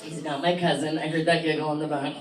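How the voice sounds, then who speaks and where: A woman's voice: low-pitched, little pitch movement, fast. Brash woman doing stand-up, echoey room. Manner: brash, chatty with the crowd. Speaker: stand-up comic. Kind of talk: stand-up comedy set. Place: small comedy theater, live audience. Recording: echoey room, mic from far, noisy.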